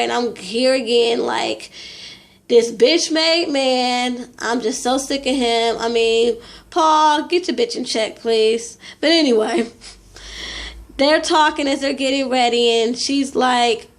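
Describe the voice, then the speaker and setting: A woman's voice: sits high, vocal fry. A young woman casually recapping a reality show episode, opinionated and chatty, peppered with "you know" and slang. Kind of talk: casual gossipy episode review.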